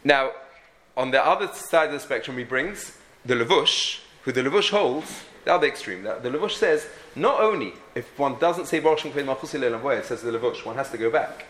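Man teaching a halachic lesson, bright voice. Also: mid-range voice, expressive, fairly quick. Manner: thinking aloud with frequent restarts, heavy Hebrew and Yiddish terms. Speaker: Torah teacher.

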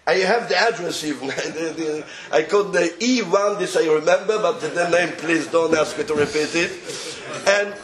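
A man with a Yiddish accent telling a rabbinic tale in an animated way, chuckling as he goes and mixing in Yiddish and Hebrew words. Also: fairly high pitch, moderate pace, echoey room. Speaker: storyteller.

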